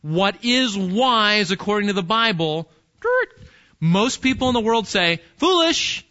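A male pastor preaching an animated sermon and talking straight to his listeners. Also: high voice, a little slow. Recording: dull lo-fi recording.

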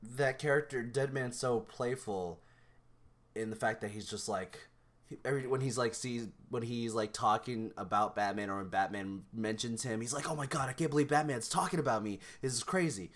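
A young man in the middle of a casual podcast chat, his voice sitting at an ordinary pitch. He rambles in an animated way, restarting his sentences and piling on fillers as he goes. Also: normal speed. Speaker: podcast co-host.

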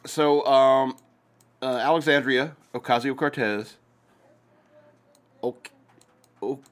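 Speaking extremely slowly with long pauses, a man with a mid-range, fairly bright voice hosts a casual news commentary show. He reads headlines hesitantly, full of fillers and restarts, and breaks off for sarcastic asides.

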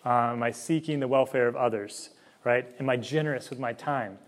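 Fast-talking man giving a casual faith talk. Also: mid-range voice. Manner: conversational, full of fillers and asides, acts out quoted dialogue. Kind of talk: casual sermon-style talk.

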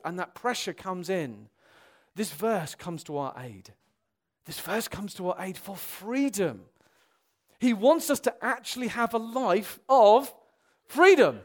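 A young man preaching a sermon to a congregation, animated and earnest, rising to loud exclamations and dropping to quiet, serious tones. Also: very high-pitched.

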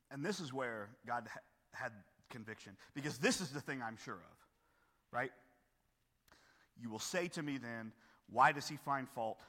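A man preaching a sermon as pastor, earnest and building to forceful emphasis, with frequent restarts and rhetorical questions. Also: mid-range voice. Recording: long hall reverb.

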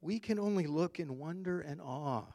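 A man's voice: a little high, lively intonation, normal speed, creaky, mellow. A man preaching a sermon, earnest and emphatic, repeating his key phrases for weight. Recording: long hall reverb.

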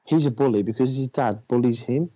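A man's voice: mid-range voice, fairly quick, mellow. Hesitant man, dull lo-fi sound. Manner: hesitant, many fillers and restarts. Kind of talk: casual chat. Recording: dull lo-fi audio.

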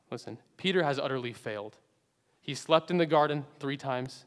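Preaching with dramatic earnestness, this man swells to loud emphasis and then lets his lines fall away into quiet, low finishes. His pitch stays in the middle range, and the sound echoes with a long reverb like that of a big church sanctuary.

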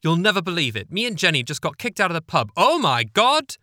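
A man voicing an excitable young woman who barges in, loud and breathless. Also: a little high, measured pace, clean tone, no echo, studio quality, voice pushed up. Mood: excited. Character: excitable young woman, boyfriend's sister, barging in.

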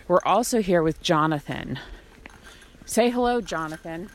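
Playful, animated woman podcast host. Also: fairly low pitch, a little slow, a little hiss or hum. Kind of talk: casual chat recorded on a hike. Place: outdoors on a trail.

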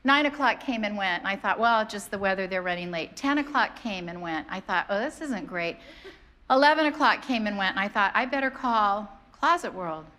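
A middle-aged woman, a pastor, preaching a sermon in an animated, conversational way, often acting out the voices of people in her stories. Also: medium pitch, moderate pace. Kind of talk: sermon with storytelling.

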